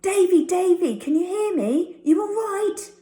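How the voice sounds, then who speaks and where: A woman reading a storybook aloud, voicing an excited young boy who tells his friend what happened. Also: fairly high pitch, a little slow, pitched above the performer's own voice. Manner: excited, breathless. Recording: roomy echo.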